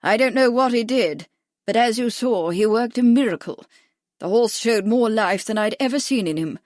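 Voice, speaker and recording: A woman voicing a jaunty, cheerful gentleman who chatters brightly, in an audiobook. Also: fairly high pitch, expressive, normal speed, no room sound, studio quality, close to an everyday voice. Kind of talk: audiobook character voice.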